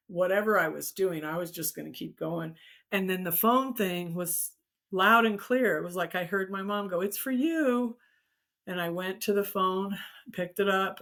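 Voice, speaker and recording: A woman's voice: on the low side, fairly bright tone. A middle-aged woman hosting a casual conversation, telling a personal story with many restarts. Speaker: host.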